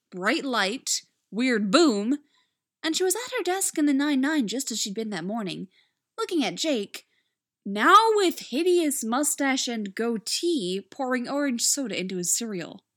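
A woman reading fan fiction aloud with expressive, animated storytelling. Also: a little high. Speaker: reader.

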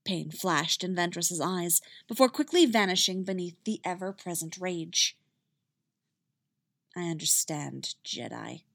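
A woman narrating a fan fiction story in a steady, even reading voice. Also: fairly low pitch, moderate pace, hardly any pauses, dry recording, studio quality.

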